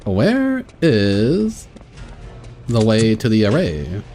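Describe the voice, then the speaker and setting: A man's voice: lowish voice, huge pitch swings, very slow, mellow, soft background music. A man casually commentating his own game playthrough, thinking aloud and laughing often. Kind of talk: casual let's-play commentary.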